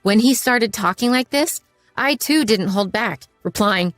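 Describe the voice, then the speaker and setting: A woman narrates a scripted first-person story in a steady, measured way at a mid-range pitch. Her voice is recorded dry and close, with faint background music. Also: dry recording.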